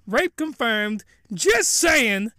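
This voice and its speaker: High bright-voiced man doing comedic anime recap. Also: very animated, extremely slow, no echo, studio quality. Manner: rambling, incredulous, joking. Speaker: anime reviewer.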